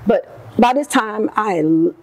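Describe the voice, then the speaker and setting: A middle-aged woman tells her own story as an interview guest. Her voice is gravelly and a little husky. She talks in an emotional, animated way and acts out the lines other people said. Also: mid-range voice, normal speed, low-quality recording.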